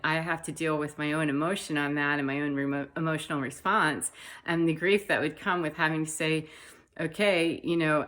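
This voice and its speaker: A woman speaks in a lowish voice, pouring out her feelings in a loose, rambling monologue. She fills her phrases with small fillers and breaks into soft laughs now and then. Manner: heartfelt, rambling, frequent "you know" fillers. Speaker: spiritual vlogger. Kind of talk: emotional personal monologue.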